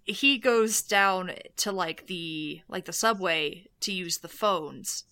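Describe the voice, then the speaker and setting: Bright, talkative woman co-host; loose, rambling podcast chat. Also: lowish voice, takes it slowly. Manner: chatty, filler-heavy, explains at length. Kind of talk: casual movie discussion.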